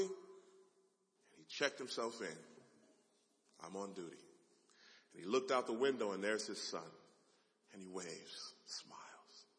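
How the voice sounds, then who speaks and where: A man preaching a sermon as a dramatic story, swinging from loud passages to hushed ones. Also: mid-range voice. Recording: long hall reverb.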